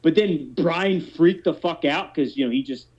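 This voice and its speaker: A man's voice: fairly high pitch, normal speed, darkish tone, slightly rough. A man in his thirties telling a long story in casual chat, rambling and swearing, with many restarts. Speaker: podcast host telling a story. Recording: dull lo-fi podcast audio.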